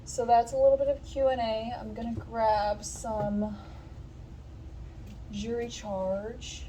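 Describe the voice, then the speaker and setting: A woman's voice: a little high, flat delivery, warm tone, a little hiss or hum. Chatty woman teaching steno practice. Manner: chatty, quick, talks to the viewer directly. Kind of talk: casual instructional talk.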